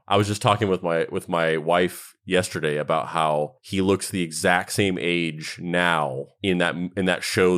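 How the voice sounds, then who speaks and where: Very deep-voiced rambling man. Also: fairly bright tone. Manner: rambling, heavy on fillers and restarts. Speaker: podcast co-host. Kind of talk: casual chat.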